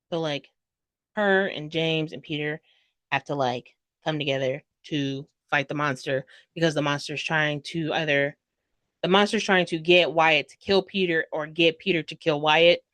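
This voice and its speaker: A woman's voice: low voice, fairly even intonation, a little slow, a bit bright, dry recording. A young woman giving a casual, dramatic book review, full of fillers and rambling asides. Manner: gushing, dramatic, heavy filler "like".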